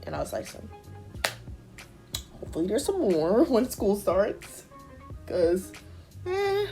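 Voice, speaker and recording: A young woman talks through a casual life-update vlog, chatty and animated, jumping into squeaky high voices when she replays conversations. Her own voice sits low and mellow, and faint music plays underneath. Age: young adult. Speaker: vlogger.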